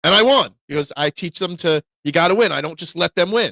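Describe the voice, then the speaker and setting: A man hosting a live sports talk show, giving opinionated, excitable fan takes and answering chat. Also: sits high, moderate pace, vocal fry, no echo.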